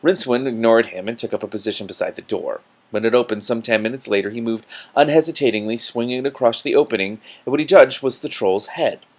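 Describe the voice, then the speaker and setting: A man reading a fantasy novel aloud with commentary, stumbling a little and breaking in with quick asides. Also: medium pitch. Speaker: book reader.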